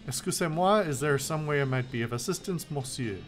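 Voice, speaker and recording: A man's voice: a little high, fairly quick, soft background music, natural voice. A man voicing a pompous, portly male detective in a video game with a put-on French accent, speaking in a fussy, courteous and theatrical way.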